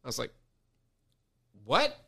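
A man's voice: slow pace, bright, forceful tone. A young man telling a story in a casual podcast chat, often breaking into laughter. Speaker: podcast guest.

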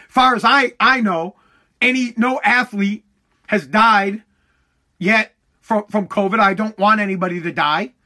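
A man ranting angrily with heavy profanity, mocking others with quick put-on voices. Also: sits high, pushed and bright. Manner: heated, profane, mocking impressions. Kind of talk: ranting commentary.

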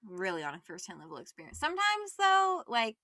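A young adult woman in a casual chat, giggly and lively as she tells stories. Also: on the high side, fairly quick, dry recording, studio quality.

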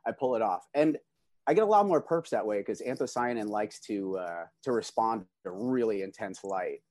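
A man's voice: on the low side, expressive, normal speed, darkish tone, no echo. A man talking casually about his greenhouse grow, laid-back and slangy, with many restarts. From California. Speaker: greenhouse grower. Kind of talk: casual podcast chat.

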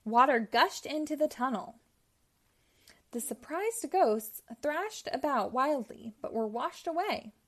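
A woman reading a children's storybook aloud, with expressive voices for the characters. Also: high voice, slow pace. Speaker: storybook reader.

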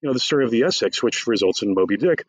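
A man discussing his book in an animated conversation, talking fast and excitedly with many asides. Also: mid-range voice, breathy edge, dry recording.

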